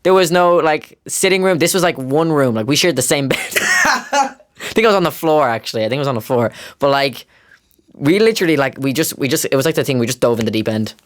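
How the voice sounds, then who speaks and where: A young man in his early twenties from Ireland, hosting a podcast in a casual, chatty way with quick laughing asides. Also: on the high side, sing-song, fairly bright tone. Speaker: podcast host. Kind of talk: casual chat.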